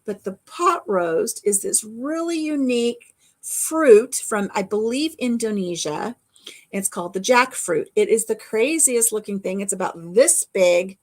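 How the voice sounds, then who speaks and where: A woman's voice: medium pitch, expressive, unhurried, a little mellow. A middle-aged woman from the American Midwest talks with her viewers in a loose, homespun way. She rambles from topic to topic and stops to answer comments as they come in. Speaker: vlogger. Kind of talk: casual chat to a live audience.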